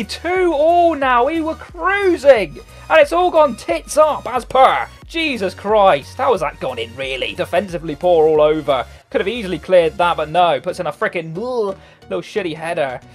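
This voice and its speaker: A man in his twenties giving excitable live gameplay commentary, swearing often and bursting into shouts. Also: high voice, moderate pace. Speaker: gaming YouTuber. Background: faint background music.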